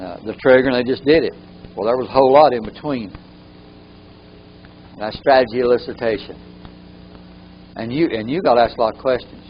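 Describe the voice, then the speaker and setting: A man's voice: medium pitch, muffled recording, slight background noise. A man teaching a live training workshop, often repeating key phrases for emphasis.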